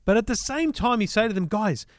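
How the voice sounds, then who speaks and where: A chatty Australian man co-hosts a tech podcast, his voice sitting high for a man. He rattles through lists of points in a casual, easy way. The sound is dry and close to the mic. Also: lively intonation, fairly quick, dry recording. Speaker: podcast co-host. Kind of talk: casual tech chat and read ad.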